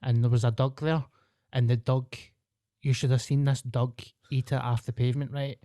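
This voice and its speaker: A man with a Glasgow accent hosts a podcast, talking in a sweary, self-mocking, laughing way. His voice sits at a middling pitch and is recorded close and dry, with no room sound. He sounds like a man in his thirties. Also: level tone, normal speed, warm tone, dry recording. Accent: Scottish, Glasgow. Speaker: podcast host. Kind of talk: casual podcast chat.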